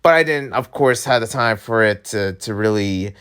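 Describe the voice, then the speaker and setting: A young man who makes gaming videos, talking straight to his viewers in a casual, excitable rant. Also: fairly low pitch, normal speed, clear, resonant tone. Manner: animated, excitable, talks to viewers directly. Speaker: gaming YouTuber.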